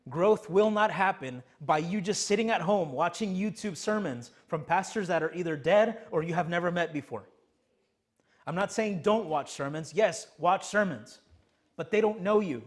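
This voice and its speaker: A young male pastor delivers a sermon, his voice sitting a little high. He presses his points repeated rhetorical questions and answers them himself. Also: animated, normal speed. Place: church sanctuary.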